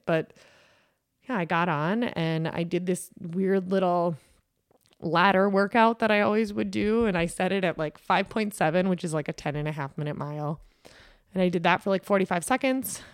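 A woman's voice: on the low side, no echo. Earnest woman with a dry, close voice. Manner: earnest, rambling, many fillers and restarts. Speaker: podcast host. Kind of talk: candid personal storytelling.

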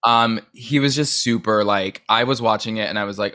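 A man co-hosting a podcast, recapping a reality show in fast, animated casual chat full of filler words. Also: on the low side. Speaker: podcast co-host.

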